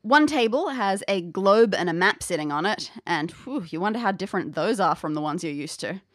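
A woman's voice: medium pitch, animated, a little fast, no echo, clean studio sound. A woman narrating an audio adventure game as game master, describing scenes playfully with chatty asides.

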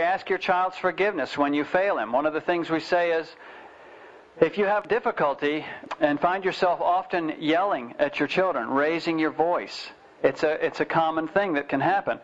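A man teaching parents in an informal talk, telling family stories with restarts and fillers. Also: a little high. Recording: dull lo-fi recording.

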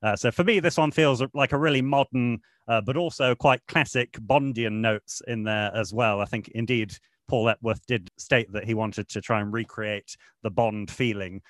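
A man's voice: mid-range voice, normal speed, hardly any pauses, no room sound. Man, podcast co-host, casual and hesitant, dry close-mic sound. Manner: hesitant, many "uh" fillers. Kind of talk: casual chat about film music.

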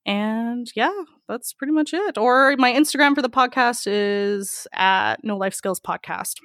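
A woman's voice: fairly high pitch, unhurried, a bit bright, dry recording, studio quality. Candid woman telling a wild story. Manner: candid, laughs often, many likes. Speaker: podcast guest. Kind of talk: casual storytelling interview.

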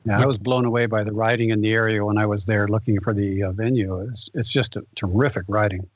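A man with a husky voice chats upbeat on a panel. The recording is dry and close. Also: fairly low pitch, steady tone, quick pace, no room sound, lo-fi sound. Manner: upbeat, laughing easily. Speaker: event organizer. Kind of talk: casual panel chat.

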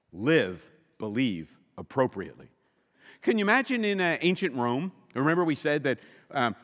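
A man's voice: on the high side, a bit bright, long reverb tail. A male pastor preaching a sermon in an emphatic, conversational way, asking the congregation questions in a church sanctuary.

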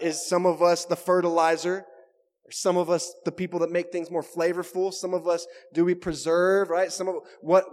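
A man's voice: on the high side, a little mellow, long reverb tail. A man preaching a sermon as pastor, conversational and emphatic, often checking in with the congregation. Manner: conversational and emphatic, keeps asking "right?". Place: church.

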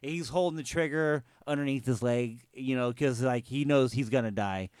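A man's voice: mid-range voice, moderate pace, darkish tone, clean tone, dry recording. A man co-hosting a podcast, animatedly retelling a film scene by scene and correcting his co-host. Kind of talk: casual movie recap chat.

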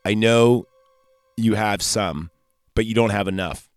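Eager stammering scientist voiced by a man, low-ish tone, dry close sound. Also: steady tone, measured pace, clean tone, no echo, soft background music, natural voice. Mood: pitching. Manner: rambling, stammering, pleading. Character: eager awkward male scientist inventor.

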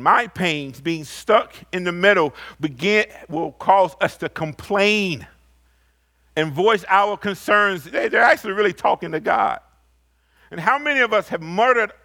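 A man preaching a sermon and reading scripture aloud, swinging from loud emphatic rises to low, quiet asides. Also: expressive. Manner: reads scripture aloud slowly.

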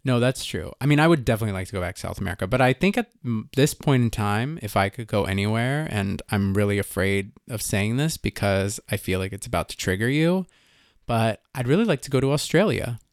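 A man's voice: lowish voice, animated, a little fast, dry recording, clean studio sound. A man co-hosting a podcast in a laid-back casual chat, with frequent fillers. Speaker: podcast co-host.

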